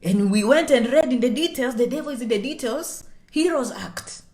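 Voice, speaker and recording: A woman's voice: on the high side, normal speed. A woman explaining immigration news to her viewers in a casual way. She keeps asking "okay?" and drops into half-whispers for sensitive points. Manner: checks in with "okay?" constantly; animated, swings between loud and soft. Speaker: immigration vlogger.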